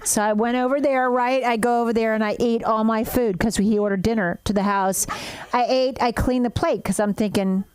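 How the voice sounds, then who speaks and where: A woman's voice: fairly high pitch, steady tone, fairly quick, clean tone, no room sound. A woman guest on a comedy stage, telling a story in a chatty, conversational way. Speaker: guest speaker. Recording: noisy live club recording.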